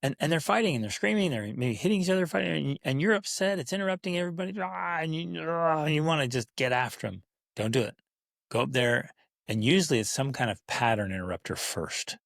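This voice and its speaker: A man hosting a parenting podcast in casual talk, animated, acting out kids and parents in playful voices. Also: on the high side, fast talker, creaky, no echo, clean studio sound. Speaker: podcast host.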